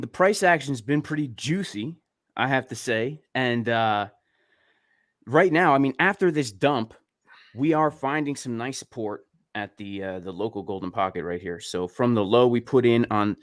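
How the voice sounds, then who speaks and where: A man's voice: medium pitch, dry recording, clean studio sound. An American man as a guest trader on a live stream, laid-back and slangy, calling people bro and man. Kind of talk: casual live-stream chat.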